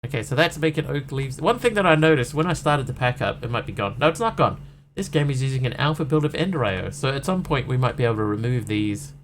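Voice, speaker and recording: A man's voice: mid-range voice, expressive, quick pace, slight background noise. A man chatting casually and rambling on a live stream while he plays a game, joking at his own expense. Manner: chatty, rambling, self-mocking.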